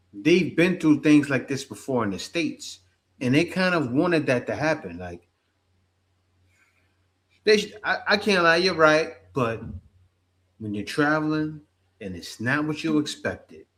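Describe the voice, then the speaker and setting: A man's voice: medium pitch, a bit bright. A man hosting a casual chat who reacts to a guest's story and offers blunt opinions.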